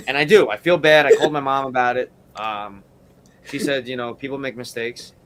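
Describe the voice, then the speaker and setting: A man's voice: medium pitch, fairly even intonation, brisk, a crowd in the background. A man telling a rambling story in a casual interview, full of fillers and asides. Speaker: wrestler guest.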